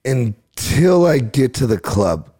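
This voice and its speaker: A man's voice: mid-range voice, big pitch swings, takes it slowly, dark tone, slightly rough. A male comedian telling stories in casual chat, laid-back and slangy, acting out what others said. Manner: laid-back slangy storyteller, acts out quotes. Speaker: comedian and podcast guest.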